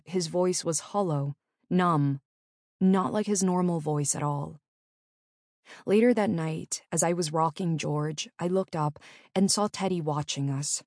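A middle-aged woman narrating her own memoir in an earnest, measured storytelling manner. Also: sits low, darkish tone, no echo, clean studio sound.

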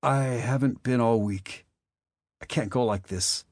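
A man's voice: mid-range voice, a little slow, darkish tone, dry recording, studio quality, voice pushed up. Man doing an anxious teenage boy. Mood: worried. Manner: worried, pleading. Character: anxious sixteen-year-old boy.

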